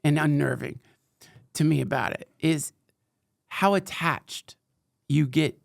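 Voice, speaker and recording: A man hosting a podcast in casual, rambling chat, getting excitable and jumping up in pitch when animated. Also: takes it slowly, vocal fry. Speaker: podcast host.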